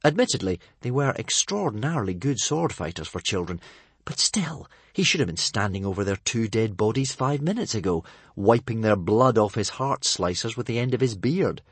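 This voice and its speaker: A man narrating a children's storybook in a lively, expressive reading. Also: on the low side, normal speed, husky, dry recording. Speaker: audiobook narrator.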